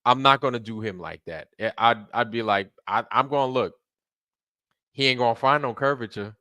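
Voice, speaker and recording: An American man talks loosely on his own livestream, going back over his words and cursing often. His voice is bright and forceful. The sound is dry and close, with little room echo. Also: mid-range voice, normal speed. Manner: loose, rambling, swears freely, repeats phrases. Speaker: livestream host. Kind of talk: casual livestream rant.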